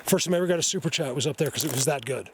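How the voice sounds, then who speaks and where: A man's voice: a little high, rapid-fire, very noisy. A man talking casually to his viewers while hiking in a forest, rambling and breaking off mid-sentence. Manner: rambling, loose, self-interrupting. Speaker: outdoor vlogger. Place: outdoors in a forest.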